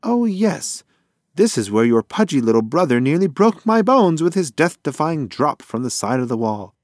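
A man voicing a boastful, joking male pigeon who talks in loud, high, theatrical bursts. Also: very animated, normal speed, no echo, studio quality.

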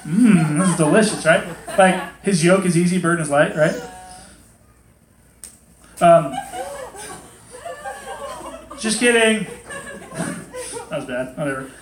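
A man's voice: on the high side, slow pace, pauses often, crowd noise. A man in his thirties giving a casual, joking sermon, acting out quoted voices as he talks. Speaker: preacher. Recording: echoey hall.

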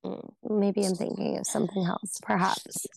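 A woman co-host chats casually, reacting eagerly and pressing for details with follow-up questions. Her voice has a gravelly fry running through it, and it is recorded dry with no room echo. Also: mid-range voice, little pitch movement, normal speed, a little mellow. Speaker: podcast co-host. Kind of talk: casual chat.

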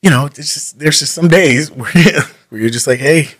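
A man's voice: a little high, normal speed, fairly bright tone. A man in casual podcast chat who stumbles and restarts his sentences and laughs between words.

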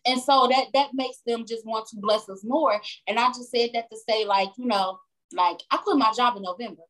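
A woman in a casual chat who talks in a relaxed way and often checks in with her listener. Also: on the high side, normal speed, low-quality recording. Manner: relaxed, fillers like "you get what I'm saying".

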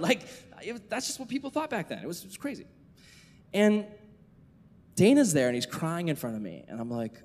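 A young man preaching to a youth group, telling a story with animated delivery and casual filler words. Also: on the high side, quick pace. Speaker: youth pastor. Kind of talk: sermon to youth. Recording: echoey hall reverb.

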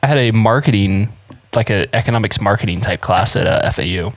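A man's voice: fairly low pitch, a little fast, no room sound. Guy hosting a podcast, chatty and rambly, keeps restarting, pretty dry mic. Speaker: podcast host. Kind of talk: casual conversational podcast.

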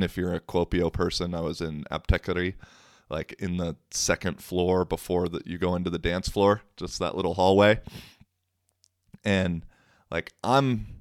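A man's voice: low-pitched, clear, resonant tone, dry recording, studio quality. A young man hosting a podcast, telling a story casually, with rambling fillers, restarts and a wry tone. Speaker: podcast host.

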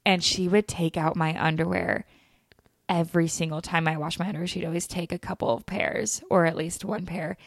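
A woman's voice: lowish voice, fairly even intonation, brisk, no echo, clean studio sound. A young woman hosting a podcast, telling a story in a candid way, swearing freely and laughing as she goes. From lived in Utah. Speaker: podcast host. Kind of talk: casual storytelling chat.

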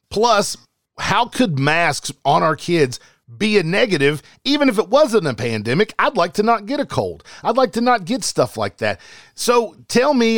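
A man's voice: a little high, fairly bright tone, dry recording, clean studio sound. A man hosting and moderating a podcast debate, pressing his panelists with emphatic questions.

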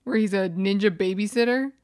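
A woman's voice: mid-range voice, brisk, a little mellow. A woman co-hosting a podcast, blunt and sarcastic as she teases. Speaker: podcast co-host. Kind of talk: casual chat.

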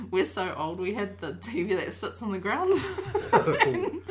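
Woman, casual chat, laughing, animated retelling. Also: medium pitch, slow pace, noisy background. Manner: laughs often, animated quoting with cries. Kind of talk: casual storytelling among friends.

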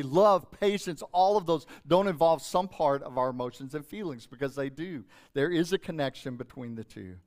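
A middle-aged man preaches a sermon with a somewhat high voice. His delivery is emotional and emphatic, swelling up and dropping back down as he drives home his points. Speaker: pastor.

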